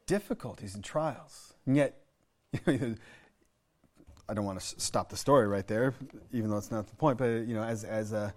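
A man's voice: on the low side, moderate pace, darkish tone. A middle-aged American man preaching a sermon, telling personal stories in an earnest way, often restarting and repeating words. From United States. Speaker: pastor.

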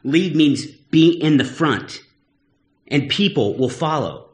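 Preacher, slightly high voice. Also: male voice, animated, takes it slowly, darkish tone. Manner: conversational, teasing, earnest. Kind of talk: sermon. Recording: echoey room.

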